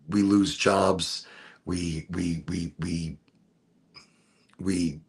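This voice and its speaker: A man hosting a casual smoke session, chatting in a rambling, relaxed way and often repeating himself. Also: low voice, vocal fry, husky. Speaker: host of a cannabis smoke session. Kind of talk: casual chat.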